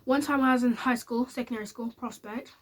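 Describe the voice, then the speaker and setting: Brief: woman, chatty storytime vlogger, quick delivery, slightly high voice. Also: steady tone. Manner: chatty and candid, with many fillers. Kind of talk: casual storytime monologue.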